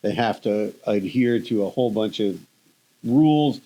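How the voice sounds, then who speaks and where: A man's voice: fairly low pitch, expressive, unhurried, mellow, poor audio. A man co-hosting a podcast, laid-back, giving short replies and plainly pushing back. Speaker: podcast co-host. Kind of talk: casual chat.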